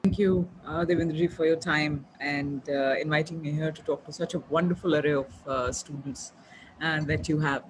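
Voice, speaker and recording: Woman, middle-aged, earnest and halting, video-call sound, faint background hiss. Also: low voice, fairly even intonation. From India. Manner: hesitant, many fillers and restarts, earnest. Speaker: guest speaker, entrepreneur. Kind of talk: webinar talk.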